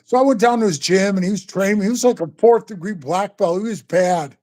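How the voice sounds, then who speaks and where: A man in his sixties telling stories in a casual chat, animated and profane, calling the host bro and man all the time. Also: sits high, fast. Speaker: guest storyteller. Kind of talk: casual storytelling.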